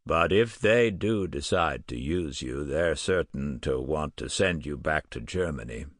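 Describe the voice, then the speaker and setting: A blunt, gruff professor with an American accent, as a male narrator puts him on. The voice sits deep and low, and the delivery is dry and close, like a storybook reading. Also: lively intonation, a little slow, no room sound, full character voice.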